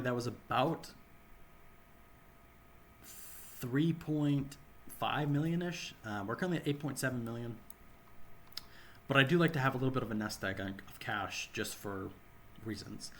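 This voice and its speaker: A hoarse man with a sore throat giving rambling gameplay commentary, correcting himself as he goes. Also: medium pitch, a little hiss or hum. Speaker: game channel host.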